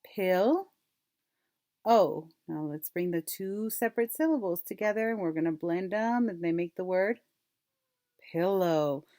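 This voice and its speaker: A woman teacher leading a phonics lesson for young children, modeling words slowly and clearly and asking them to repeat. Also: on the low side, mellow, no room sound, clean studio sound. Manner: slow, clear, drawn-out word modeling with repeat prompts.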